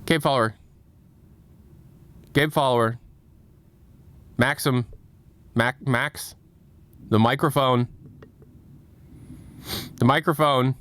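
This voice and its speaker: A man's voice: mid-range voice, fairly even intonation, slow, long pauses, fairly bright tone. Casual male streamer, rambling and self-deprecating, swears freely. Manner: rambling, self-mocking and profane. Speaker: livestream host.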